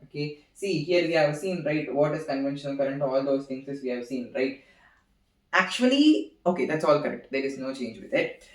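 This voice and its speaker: A young man explains physics in a fairly high voice, pausing and repeating himself as he works through each point. He sounds set back from the microphone, and the classroom echoes around him. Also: animated, far from the mic. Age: young adult. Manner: halting, repeats phrases while writing on a board. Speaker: student giving a physics seminar. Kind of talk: informal physics lesson. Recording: echoey room, voice from off-mic.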